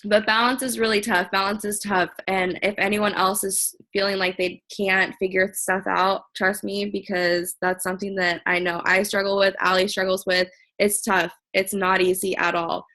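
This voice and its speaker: A woman's voice: medium pitch, flat delivery, normal speed, hardly any pauses, sharp tone, rough recording. A young woman on a video call, chatting earnestly and casually with lots of fillers, encouraging her team. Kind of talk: casual motivational chat.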